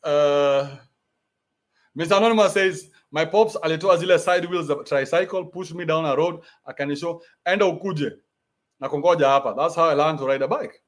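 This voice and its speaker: A man's voice: fairly high pitch, moderate pace. A man with a Kenyan accent hosting a livestream, reading out donations and ranting bluntly with plenty of profanity.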